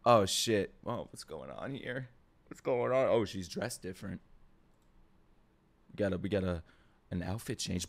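A young man giving a profane, jokey reaction to an anime opening, swinging between low murmurs and excited shouts. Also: measured pace, creaky, long pauses. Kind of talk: live reaction commentary.

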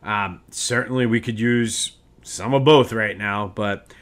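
A man's voice: lowish voice, measured pace, a bit bright. A man hosting a casual solo sports podcast, ranting in a worked-up way with many restarts.

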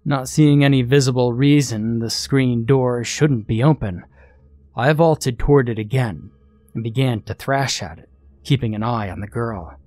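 A man narrating a scripted horror story in a measured, suspenseful way. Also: medium pitch, a little mellow, dry recording, clean studio sound.

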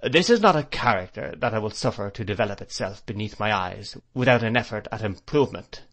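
A man's voice: fairly low pitch, expressive, brisk, a bit bright. A man voicing a grave, domineering stepfather who speaks sternly.

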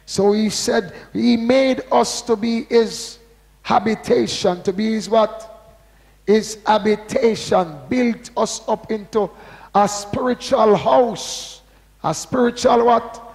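Slow, high-voiced preacher man. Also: gravelly, darkish tone, in a large hall. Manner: slow, emphatic preaching, asks the congregation to repeat words; reads scripture aloud with drawn-out stress. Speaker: pastor. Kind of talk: sermon with call-and-response.

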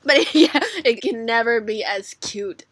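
A young woman hosting a reaction video, gushing and giggling with excitement. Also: a little high, a little slow, slight background noise.

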